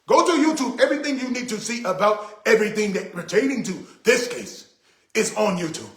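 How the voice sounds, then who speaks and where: A man's voice: high voice, animated, fairly quick, a bit bright. A middle-aged man ranting to camera in an indignant, preachy way, repeating his points for emphasis. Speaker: vlogger. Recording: echoey room.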